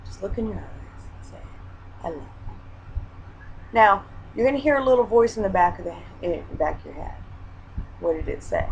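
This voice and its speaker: A woman's voice: mid-range voice, expressive, normal speed, gravelly, pauses often, a little hiss or hum, rough recording. A woman from Hawaii talking straight to camera as a life coach, telling personal stories earnestly and often restarting her sentences. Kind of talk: casual direct-to-camera advice talk.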